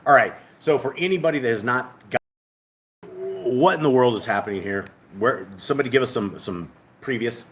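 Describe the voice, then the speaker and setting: A man's voice: medium pitch, moderate pace, fairly bright tone, slight background noise. A man hosting a casual livestreamed Bible study, reading scripture aloud and explaining it in a rambling, conversational way.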